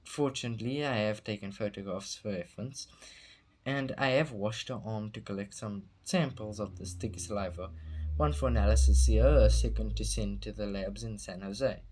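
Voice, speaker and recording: A man reading the lines of a calm, formal doctor explaining a case, in a measured and polite way. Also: lowish voice, close to an everyday voice.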